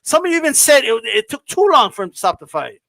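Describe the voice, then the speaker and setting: A man's voice: very high voice, sing-song, fast talker, gravelly, bright, forceful tone, no echo. A man co-hosting a casual boxing talk show, ranting in a brash, profane way. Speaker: boxing channel co-host. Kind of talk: casual podcast chat.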